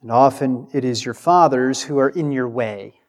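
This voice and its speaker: A man's voice: medium pitch, moderate pace. A man preaching a sermon with emphasis, acting out the replies he quotes. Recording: long hall reverb.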